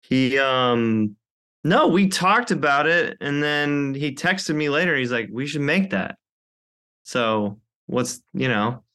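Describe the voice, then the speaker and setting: A man guesting on a podcast talks in a loose, rambling way and turns self-conscious jokes on himself. His voice is bright and sharp, sitting at an everyday middle pitch for a man. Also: lively intonation, takes it slowly, clean tone. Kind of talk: casual chat. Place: podcast studio.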